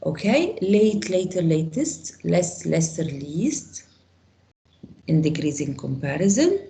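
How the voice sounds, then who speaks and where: A woman teaching an English grammar class online, explaining with slow example sentences and quizzing students. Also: on the low side, big pitch swings, vocal fry, dark tone.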